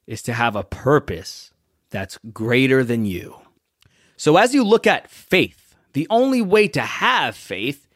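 A young adult man hosting a motivational podcast, telling a story and preaching with emphatic, drawn-out words. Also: a little high, no echo, clean studio sound. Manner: preachy, emphatic, stretching key words slowly.

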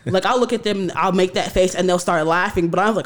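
Expressive woman, a nurse chatting. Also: fairly low pitch, quick pace. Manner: expressive, acts out quotes. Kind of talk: casual chat.

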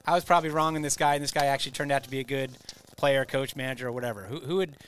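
A man's voice: mid-range voice, steady tone, very fast, a bit bright, a little hiss or hum. A man co-hosting a casual chat, asking chatty, probing questions.

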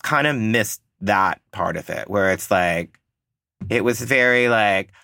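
A man's voice: lowish voice, slow, vocal fry, bright, forceful tone, no room sound, studio quality. A man chatting as a guest on a podcast, laughing often and trailing off into fillers while he tells stories. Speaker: guest, drag performer. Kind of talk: casual podcast chat.

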